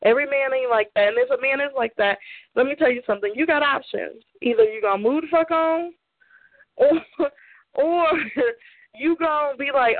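A podcast co-host with a high voice rants her opinions bluntly at normal speed, swearing freely and laughing often during a casual talk show segment. The audio sounds like a tinny phone line, dry with no echo.

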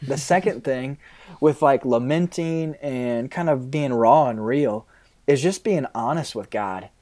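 A man's voice: mid-range voice, unhurried, darkish tone. A man in his thirties, a pastor, talking candidly in a casual interview, rambling a little with fillers.

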